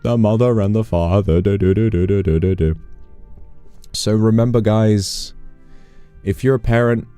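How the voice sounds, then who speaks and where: A man's voice: fairly low pitch, moderate pace, long pauses, clear, resonant tone, no echo, soft background music. A man chatting casually on a livestream, playful and teasing as he tells stories. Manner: playful, teasing, animated storyteller. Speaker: streamer.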